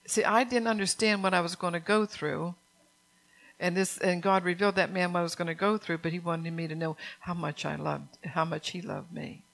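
A woman's voice: on the low side, fairly even intonation, moderate pace, gravelly, a bit bright. An older woman preaching an earnest sermon, reading scripture aloud and asking her congregation questions.

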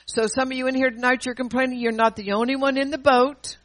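A woman preaching a sermon with call-and-response asides, swinging between loud bursts and hushed passages. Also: fairly high pitch, fairly even intonation, quick pace, hardly any pauses, no room sound, poor audio.

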